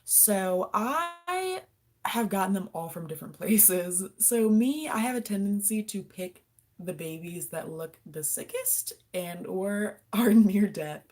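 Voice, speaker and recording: A woman's voice: mid-range voice, darkish tone. Chatty woman hosting a pet livestream. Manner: chatty, coos baby talk to her lizard. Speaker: livestream host reading viewer questions. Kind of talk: casual live-stream chat.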